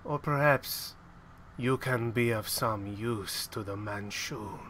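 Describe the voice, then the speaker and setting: A man putting on a taunting, low-voiced female spy. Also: slow pace, a bit bright, a little hiss or hum. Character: cruel scheming female spy, mocking and seductive.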